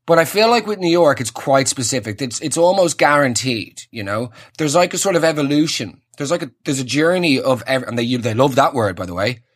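A man's voice: mid-range voice, animated, a little fast, hardly any pauses. A man in his thirties with an Irish accent, delivering a sardonic, ranting comic monologue. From Ireland. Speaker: comedian.

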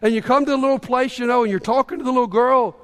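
A man's voice: very high-pitched, fairly even intonation, fast, fairly bright tone, clean tone. A man preaching a casual, conversational sermon as a pastor, sometimes acting out the voices of the people he quotes. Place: church sanctuary. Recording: reverberant church hall.

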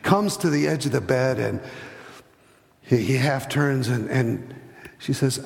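A man preaching a sermon, telling stories and acting out the voices in them, sometimes dropping soft and low for emphasis. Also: measured pace, vocal fry, pauses often. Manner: storytelling, acts out voices in anecdotes; hesitant restarts, drops to soft low tones for emphasis. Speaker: pastor. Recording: long hall reverb.

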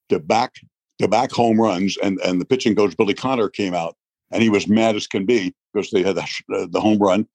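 Older New man, husky low voice. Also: no echo. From New York. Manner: animated storyteller, laughs often, acts out voices. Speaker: retired baseball broadcaster, guest. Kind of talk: storytelling interview.

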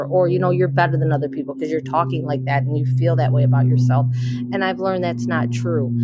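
A middle-aged woman hosting a podcast, telling her own story in a candid, halting way with many pauses and restarts, recorded outdoors in some wind. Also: sits low. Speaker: podcast host. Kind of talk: personal testimony podcast.

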